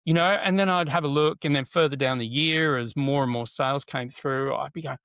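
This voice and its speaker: A middle-aged man, a guest telling stories in a casual interview, animated, with many fillers and restarts, acting out what people said. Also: medium pitch, fairly quick, clear, resonant tone, no room sound. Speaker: guest, NLP trainer.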